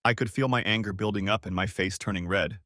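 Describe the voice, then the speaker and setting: A man's voice: fairly low pitch, steady tone, quick pace, bright, forceful tone, no echo, studio quality. A man narrating a first-person revenge story as an audiobook, telling it expressively.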